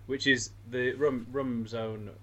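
A man co-hosting a casual chat, walking his friends through a recipe at a relaxed pace. His voice is bright and sits in a middle pitch. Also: takes it slowly. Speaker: podcast co-host.

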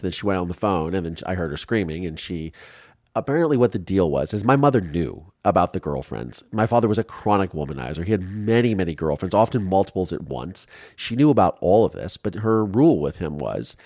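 A man in his forties from Ohio, telling his life story in an interview in an animated way, acting out quotes and restarting often. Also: deep voice, fairly quick, dry recording, clean studio sound. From Ohio, USA.

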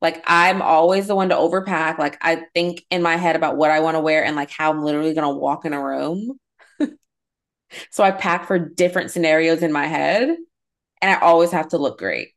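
A woman co-hosting a casual podcast. Her voice sits a little low for a woman. She laughs along easily and drops quick agreeing replies. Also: fairly even intonation. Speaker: podcast co-host. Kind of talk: casual chat.

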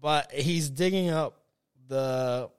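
A man's voice: on the high side, slow, clean tone. A man co-hosting a podcast in casual chat, rambling with lots of fillers and restarts. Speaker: podcast co-host.

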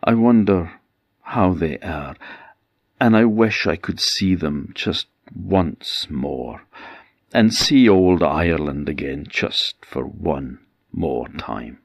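A man's voice: sits low, slow, creaky, dry recording, studio quality, full character voice. A man with an Orkney Scottish accent playing a homesick young hero who pleads and makes eager promises. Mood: longing.

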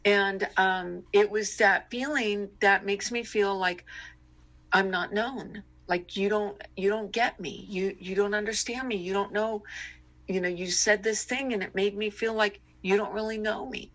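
A woman's voice: mid-range voice, fairly even intonation, a little slow, fairly bright tone. A middle-aged woman co-hosting a podcast, talking candidly and reflectively with many fillers. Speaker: podcast co-host. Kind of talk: casual podcast chat.

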